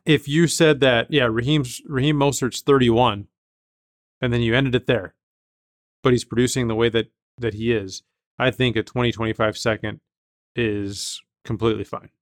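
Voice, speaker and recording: A man's voice: mid-range voice, fairly even intonation, moderate pace, no echo, clean studio sound. A man hosting a podcast, casual chat, talking emphatically and thinking aloud with restarts. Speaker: podcast host.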